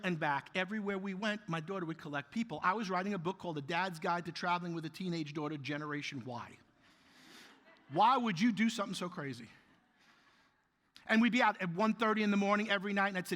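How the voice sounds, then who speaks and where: A man giving an animated, jokey keynote speech to a conference audience, telling stories and questioning the crowd. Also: high-pitched. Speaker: keynote speaker. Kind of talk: motivational keynote storytelling. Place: large conference hall. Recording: reverberant hall, live speech.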